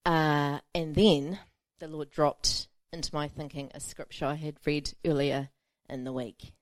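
A woman's voice: low voice, fairly even intonation, measured pace, no room sound. A woman pastor preaching a sermon, telling a self-mocking personal story with frequent laughter.

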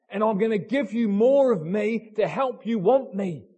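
Husky, high-voiced preacher. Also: male voice, normal speed, few pauses, mellow, lo-fi sound. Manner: passionate, direct, blunt questions to the congregation. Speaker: pastor. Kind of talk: sermon.

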